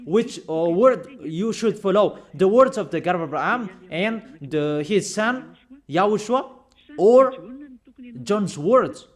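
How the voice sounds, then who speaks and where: Man, high-pitched, emphatic repetitive sermon. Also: lively intonation, slow. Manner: emphatic, repetitive preaching, reads out verses. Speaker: preacher.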